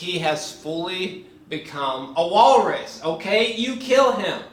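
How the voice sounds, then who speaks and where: Animated, profane man in an echoey room. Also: high-pitched, takes it slowly. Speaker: movie reviewer. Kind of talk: casual reaction review.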